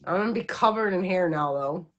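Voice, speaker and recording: A woman's voice: on the low side, fairly quick. A woman chatting casually to her dog, playful and laughing, slipping into baby talk and casual swearing. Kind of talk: casual chat.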